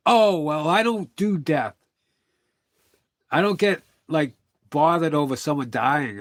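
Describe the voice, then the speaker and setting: A man's voice: on the high side, lively intonation, moderate pace, no echo, clean studio sound. A middle-aged man chatting casually on a livestream, telling rambling stories full of quoted dialogue.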